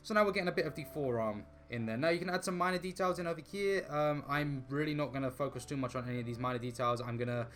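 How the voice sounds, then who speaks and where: A man's voice: medium pitch, quick pace, few pauses, a bit bright, slight background noise. A man hosting a casual drawing tutorial, thinking aloud as he sketches and chatting with self-deprecating asides. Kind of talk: casual rambling drawing narration.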